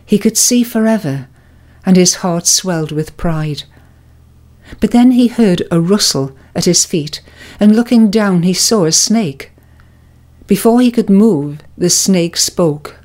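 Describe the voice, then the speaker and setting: A woman with a lowish voice gives a scripted spiritual reflection. She tells a moral tale very slowly, in a calm, measured and reflective manner, letting each phrase land. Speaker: devotional presenter.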